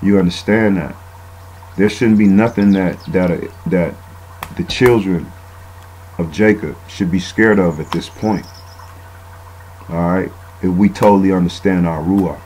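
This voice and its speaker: A man's voice: low-pitched, measured pace, pauses often, a little mellow, a little hiss or hum, low-quality recording. A man giving a casual, rambling bible teaching, often saying "man" and using fillers.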